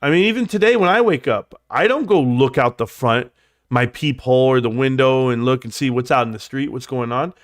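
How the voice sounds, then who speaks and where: A man hosting a livestream, telling a long story in a rambling way, jumping high when he acts out quotes and dropping low for asides. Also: brisk, no room sound, clean studio sound. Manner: animated, jumps high in pitch when acting out quotes; rambling, drops to quiet asides. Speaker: livestream host. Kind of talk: casual storytelling.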